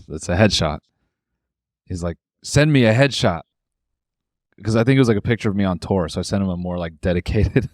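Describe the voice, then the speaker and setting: A man's voice: on the low side, darkish tone, no room sound, clean studio sound. A man co-hosting a comedy podcast, joking crudely and laughing often in casual chat. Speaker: podcast co-host.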